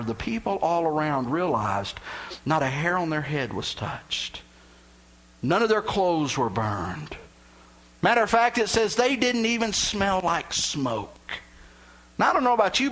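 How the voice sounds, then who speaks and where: High-voiced preacher telling a dramatic story. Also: male voice. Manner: dramatic storytelling, swinging between loud and hushed. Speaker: pastor. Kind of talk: sermon.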